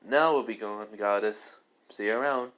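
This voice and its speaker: A man voicing a cocky young adventurer who talks in a relaxed, amused way, in a storytelling video. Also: on the low side, moderate pace, natural voice. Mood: smug.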